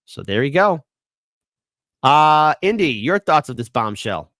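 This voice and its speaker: A man's voice: fairly high pitch, very animated, measured pace, a bit bright, dry recording. A man hosting a political commentary show, stumbling and stuttering as he reads documents aloud and gives his opinions. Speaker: host.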